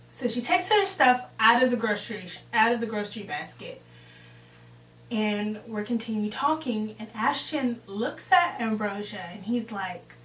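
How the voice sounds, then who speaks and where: A young woman vlogger telling a story in a casual, animated way, swearing freely and acting out the scene. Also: on the high side, measured pace, roomy sound, distant mic, low-quality recording. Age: young adult.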